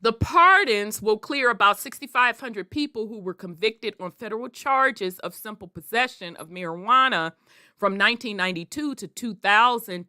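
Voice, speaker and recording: A woman's voice: medium pitch, dry recording, clean studio sound. A woman hosting a casual talk show, telling stories with lots of laughter and swearing, then reading news aloud. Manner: animated storyteller, laughs often, swears casually. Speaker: podcast host.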